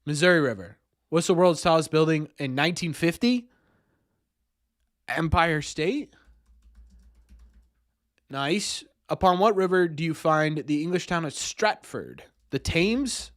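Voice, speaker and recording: A young man streaming, talking to his chat while he fumbles through a quiz. His voice sits a bit high and swings widely as he goes from panicking to cheering himself on. Keys clatter faintly behind him. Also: lively intonation, measured pace, pauses often, no room sound, studio quality. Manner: flustered and self-mocking, thinking aloud.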